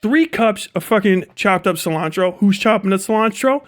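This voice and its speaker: High-voiced man ranting on a livestream. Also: moderate pace, hardly any pauses. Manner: profane, laughing, animated storytelling. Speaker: livestream host. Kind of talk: casual livestream rant.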